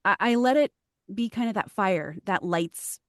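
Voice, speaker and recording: A woman's voice: mid-range voice, a little slow, no echo, clean studio sound. A woman with a Texan accent, a voice actor talking earnestly and hesitantly in a casual podcast interview. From Texas. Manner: earnest, lively, hesitant with frequent ums. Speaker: voice actor guest.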